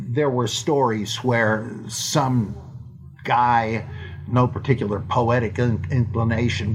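A man hosting a podcast, talking off the cuff in a slow, rambling way, full of fillers and restarts, now and then acting out quoted lines in playful voices. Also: mid-range voice. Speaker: podcast host answering listener questions. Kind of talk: unscripted monologue.

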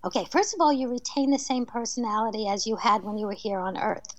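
A woman from New Jersey, a medium and author, telling lively personal stories as a guest in a radio interview, laughing often. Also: a little high, fast, no echo, muffled recording. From New Jersey, USA.

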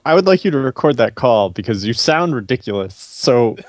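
A man's voice: medium pitch, sing-song, brisk, no echo. A man co-hosting a podcast, teasing and joking with his co-hosts. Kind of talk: casual chat.

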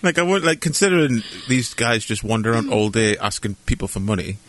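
A man's voice: mid-range voice, animated, a little fast, a bit bright, no echo. A man co-hosting a podcast, cracking jokes and acting out silly bits of dialogue. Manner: jokey, acts out silly dialogue. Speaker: podcast co-host. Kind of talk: casual film-review chat.

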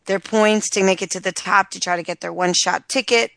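A man's voice: sits high, steady tone, brisk, creaky, sharp tone, no echo. A man co-hosting a podcast, giggly and eager in casual chat. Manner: giggly, eager, talks over others. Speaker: podcast co-host.

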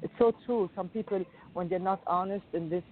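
A man's voice: sits high, fairly quick. A man earnestly and hesitantly praising a poem in casual chat on a live show. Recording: tinny phone line with faint hiss.

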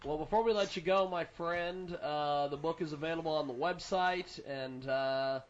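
A man's voice: a little high, moderate pace. A man hosting a radio talk show, chatting loosely with guests and reading sponsor spots. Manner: laughing, relaxed sign-offs, spells out web addresses. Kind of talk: casual radio chat and live ad reads. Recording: dull lo-fi radio sound.

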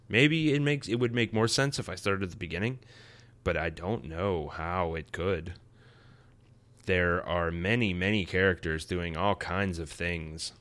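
Excitable low-voiced bright man. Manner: excitable, playful chanting. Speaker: podcast host. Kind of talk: casual solo comic review.

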